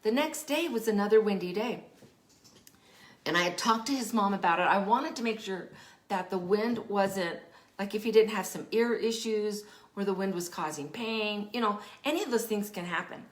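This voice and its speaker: The Denver-area parenting specialist and teacher has a mid-range voice and a moderate pace here, and the room sounds spacious. Her casual advice talk is animated, with acted-out lines from kids and parents and whispers for emphasis.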